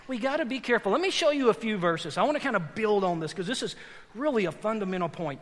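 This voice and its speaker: Pastor preaching in a hall. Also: male voice, very high voice, animated. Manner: swings from hushed and slow to loud emphatic shouts. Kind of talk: sermon. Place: large church hall. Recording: long hall reverb.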